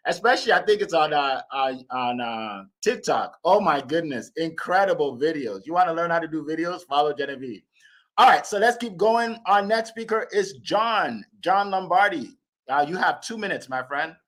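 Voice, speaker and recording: A man hosting a motivational audio call, talking in an upbeat, hyped and casual way, with quick laughs between introductions. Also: fairly high pitch, expressive, fairly bright tone. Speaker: host. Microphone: phone or computer on an audio call.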